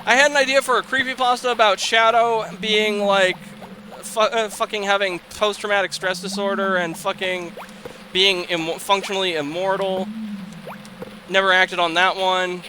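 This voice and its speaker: In a high, flat voice at a moderate pace, a young let's play host talks through a farming game. His rambling, sweary commentary gives way to exasperated shouting and laughter, against a slight hiss or hum.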